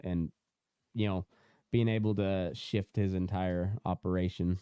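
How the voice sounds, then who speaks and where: A man's voice: low-pitched, steady tone, a little slow, warm tone, clean tone, no room sound. Rambling, laughing podcast host man. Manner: rambling, laughs a lot, many fillers and restarts. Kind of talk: casual podcast chat.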